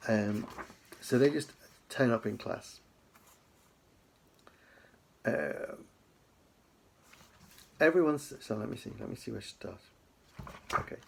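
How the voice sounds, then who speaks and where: A man, an author leading a writing lesson, reads a children's book aloud in a relaxed storytelling way with casual asides. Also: fairly low pitch, slow, creaky, pauses often, a little hiss or hum.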